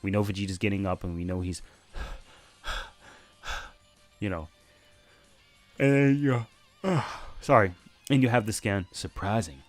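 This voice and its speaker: A man's voice: on the low side, lively intonation, takes it slowly, pauses often, no echo, faint music behind. A man casually chatting on a live stream while reading and analysing comics, laughing often.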